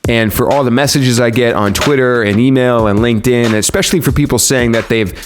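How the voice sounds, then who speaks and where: A man hosting a podcast, opening the episode in an upbeat, grateful way and saying how excited he is. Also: mid-range voice, fairly quick, a little hiss or hum. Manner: upbeat and thankful, repeats "very excited". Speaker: podcast host.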